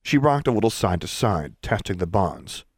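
A man narrating a fantasy story in steady, scripted storytelling. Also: on the low side, moderate pace, slightly rough, dry recording, clean studio sound. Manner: steady storytelling, lively intonation. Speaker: audiobook narrator.

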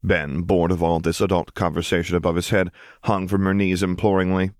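A man narrating a fan-fiction audiobook in a measured, expressive storytelling manner. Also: low-pitched, no echo, studio quality. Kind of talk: scripted narration.

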